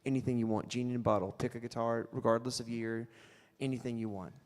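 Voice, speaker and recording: A man's voice: mid-range voice, fast, long reverb tail. A man working in a guitar shop, co-hosting a live Q&A in casual, joking chat. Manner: joking, animated, breaks into sung and put-on bits. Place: music store.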